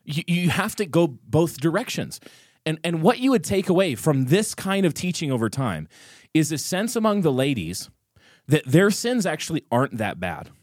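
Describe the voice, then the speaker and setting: A man's voice: fairly high pitch, sing-song, normal speed, darkish tone, no room sound, clean studio sound. A man co-hosting a podcast, out of breath and talking in a heated, emphatic way. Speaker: podcast co-host. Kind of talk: casual chat.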